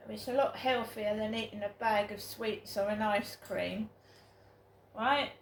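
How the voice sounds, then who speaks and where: A woman's voice: on the high side, gravelly. A British woman vlogging to camera in a rambling, aggrieved way, repeating herself for emphasis. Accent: British English. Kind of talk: casual vlog monologue. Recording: echoey room with faint ambient noise.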